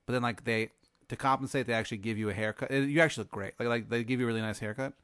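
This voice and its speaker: A man with a medium-pitched voice rambles through an improvised comic story, deadpan and full of fillers. The sound is dry and close, with no room echo. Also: very fast, smooth. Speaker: podcast host.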